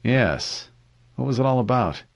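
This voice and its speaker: A man's voice: medium pitch, animated, a little slow, gravelly, pitched above the performer's own voice. A man voicing a puzzled male military officer who asks plain questions.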